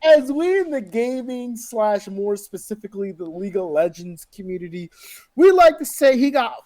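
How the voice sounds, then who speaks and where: A man co-hosting a podcast in casual chat, profane and animated, acting out other people's voices when he tells a story. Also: very high-pitched, moderate pace, no echo. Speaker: podcast co-host.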